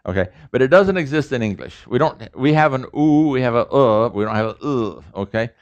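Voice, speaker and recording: A man's voice: mid-range voice, animated, fairly quick. A man, a professor, giving a classroom lecture and explaining sounds step by step, with fillers and restarts. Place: lecture room. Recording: dull lo-fi lecture recording.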